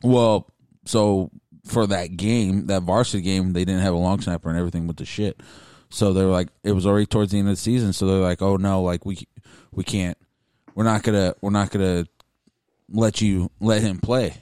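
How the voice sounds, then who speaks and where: A man's voice: low-pitched, steady tone, normal speed, dark tone, clear, resonant tone, no room sound, clean studio sound. A young man co-hosting a podcast, telling stories in a rambling, casual way with lots of swearing and restarts. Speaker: podcast co-host. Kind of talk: casual chat.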